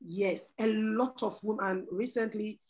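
A woman's voice: mid-range voice, unhurried, darkish tone, rough recording. A middle-aged woman, sharing a testimony on a church talk show and earnestly pleading with listeners, often breaking into laughter. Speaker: panel guest.

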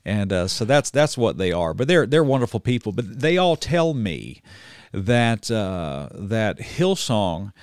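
A man's voice: lowish voice, big pitch swings, a little slow, clear, resonant tone, dry recording, studio quality. A man giving casual, blunt commentary in a folksy way, full of restarts and fillers. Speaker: online preacher and commentator. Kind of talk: casual commentary reading news aloud.

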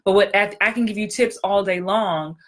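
A woman acting coach talking to viewers in a casual livestream, excitable and upbeat. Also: medium pitch, moderate pace.

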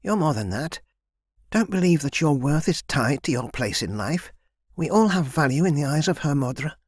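A man reads the part of a proud young warrior woman in a fantasy audiobook, his voice lifted higher than his narration. She speaks bluntly and directly, and the recording is close and dry. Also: animated, moderate pace, breathy edge, dry recording. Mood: earnest.

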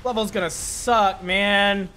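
A man streaming a video game live, talking through his play with excitable commentary and frequent swearing. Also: high-pitched, takes it slowly, noisy background. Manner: excitable, swears often, shouts at enemies.

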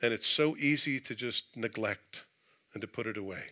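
Bright-voiced man preaching a sermon. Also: fairly low pitch, normal speed. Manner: conversational preaching with asides and jokes. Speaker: pastor. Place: church sanctuary.

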